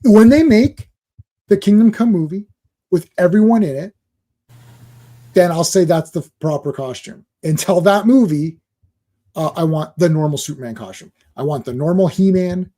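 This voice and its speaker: A man hosting a live stream, ranting and swearing, dropping into quick impressions of other people. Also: sits high, dark tone. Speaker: host.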